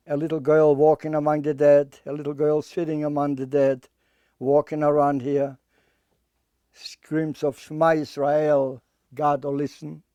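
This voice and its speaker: An older man giving personal testimony as an interviewee, speaking haltingly and emotionally, often repeating and restarting his words. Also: a little high, warm tone, clean tone, no room sound. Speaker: interviewee, artist.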